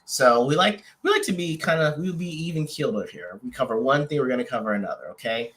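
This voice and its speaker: A man co-hosts a couples podcast, chatting casually in a mid-range voice that's animated, quick and a bit bright. He rambles, restarting often and using lots of fillers, and teases playfully.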